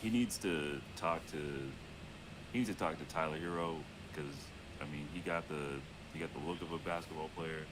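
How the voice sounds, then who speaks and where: Very deep-voiced hesitant man. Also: noisy background. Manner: measured, hesitant, thinking aloud. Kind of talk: casual sports talk.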